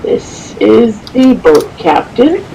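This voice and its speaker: Casting: relaxed, slow-spoken dungeon master with a lively pitch, giggly and hesitant. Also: vocal fry, a little hiss or hum, poor audio. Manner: laughs often, halting with many ums. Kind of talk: casual setup talk before a tabletop game.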